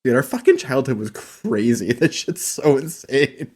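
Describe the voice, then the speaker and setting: A man's voice: medium pitch, big pitch swings, a little slow, breathy edge. A man chatting on a podcast, outspoken and heated, swearing freely. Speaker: podcast co-host. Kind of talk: casual chat.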